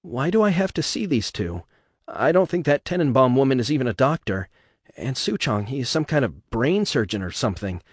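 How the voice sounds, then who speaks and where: A man's voice: mid-range voice, sing-song, brisk, husky, dry recording, studio quality, pitched above the performer's own voice. A man voicing a nervous young pregnant woman who questions her doctors anxiously. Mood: uneasy.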